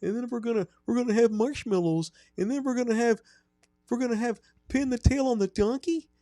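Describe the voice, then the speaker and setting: A man doing a comic impression of a creepy, high-voiced small-town male killer with a Wisconsin accent, in a sing-song, cheery, unsettling way. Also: fairly quick, warm tone, no room sound, clean studio sound, faint music behind. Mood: creepily cheerful. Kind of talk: comedic impression on a podcast.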